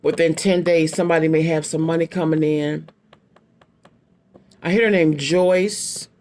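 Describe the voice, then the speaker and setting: Speaking in a low, somewhat mellow voice with fairly even intonation and no hurry, a woman in her late fifties does a relaxed tarot reading for her viewers. Her talk is folksy and slangy, and she's blunt and emphatic, saying things over again.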